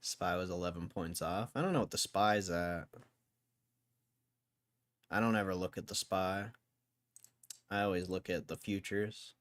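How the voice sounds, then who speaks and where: This laid-back livestream host, a young Connecticut man, reads headlines and adds dry, offhand remarks in a casual way. He speaks a little slowly in a low, fairly bright voice, leaving long pauses.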